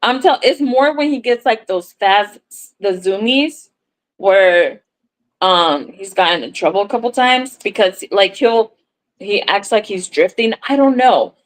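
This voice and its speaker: Animated woman telling a casual story. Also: mid-range voice, measured pace, poor audio. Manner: animated storyteller, acts out dialogue, swears casually. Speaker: crochet content creator on a livestream. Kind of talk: casual livestream chat, storytelling.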